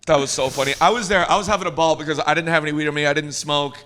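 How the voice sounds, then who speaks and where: A man's voice: fairly high pitch, steady tone, rapid-fire, pushed and bright. A man co-hosting a comedy podcast, chiming in with laughing, teasing remarks. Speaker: podcast co-host. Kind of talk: casual podcast chat.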